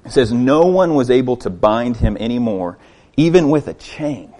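Man preaching an animated sermon. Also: mid-range voice, moderate pace. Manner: animated storytelling with rhetorical questions and repeated words. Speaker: pastor.

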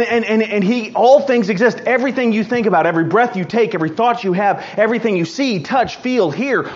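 A man's voice: sits high, highs cut off. A man preaching a sermon in an earnest, emphatic way, often repeating and restarting words.

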